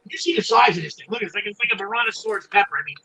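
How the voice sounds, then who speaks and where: A man's voice: sits high, very fast, a crowd in the background, poor audio. A man, a guest chef on a video call, talking in an earnest, persuasive way and often repeating himself. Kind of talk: casual chat on a video call.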